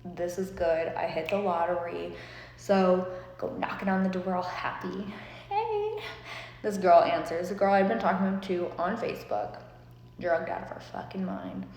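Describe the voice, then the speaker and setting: A woman's voice: fairly low pitch, little pitch movement, moderate pace, a little mellow. A young woman telling a story in a chatty, casual way, full of fillers and swearing. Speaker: vlogger. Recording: echoey room with long reverb.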